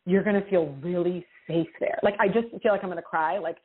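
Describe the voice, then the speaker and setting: A woman giving intuitive readings to callers on a call-in show, expressive and reassuring, with feeling in her voice. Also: fairly low pitch, fairly quick, husky. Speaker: intuitive reader answering callers. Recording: tinny phone-line sound.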